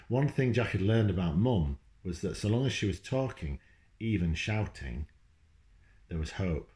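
A man's voice: rumbling low, warm tone. A man, a children's author, reading his book aloud at home and stopping now and then to talk to his dog. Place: at home, indoors. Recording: roomy echo.

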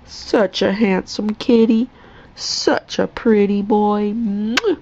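A woman vlogger talking softly to her old cat and her viewers, in tender coaxing baby talk, sometimes whispering. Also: medium pitch, wildly swooping pitch, vocal fry, lo-fi sound, a little hiss or hum. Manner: slow, gentle, at times whispered. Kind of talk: soft chat to a pet and viewers.

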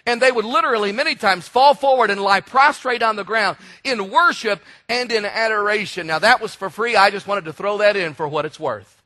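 A male preacher delivers a sermon in a high, bright and forceful voice. He tells stories with lively energy and now and then bursts into shouts to drive a point home. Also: a little fast. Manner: animated storytelling preacher, shouts for emphasis. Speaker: pastor.

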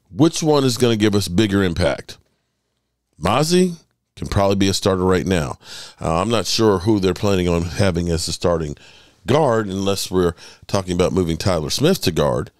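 Sports podcast host, man, deep voice, emphatic commentary, drawn-out stresses, dry mic. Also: a little mellow, dry recording. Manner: emphatic, stretches words for emphasis. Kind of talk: solo commentary.

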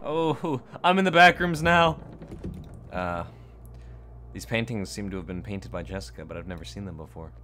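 A man giving casual, jokey let's-play commentary on a horror game, reacting quickly with nervous laughter. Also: fairly low pitch, lively intonation, pushed and bright, slight background noise. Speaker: gamer playing a horror game.

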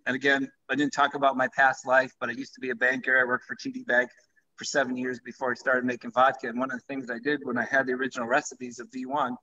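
A man's voice: medium pitch, bright, forceful tone. A man who founded a vodka company, talking enthusiastically about his product in a live-streamed conversation. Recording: dull lo-fi livestream audio.

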